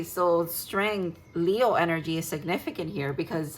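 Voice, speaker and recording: Low-voiced woman giving a dreamy tarot reading. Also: measured pace, few pauses, poor audio. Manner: dreamy, gushing, rambling with fillers. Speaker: tarot reader. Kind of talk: casual spoken tarot reading.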